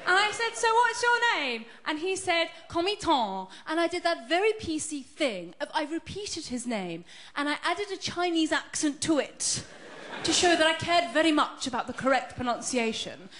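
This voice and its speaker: Woman comedian, from Iran, deadpan punchlines, crisp bright voice, roomy theatre. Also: sits high, moderate pace, slight background noise. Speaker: stand-up comedian. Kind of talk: stand-up routine. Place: large theatre with a live audience. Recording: echoey theatre with a faint crowd.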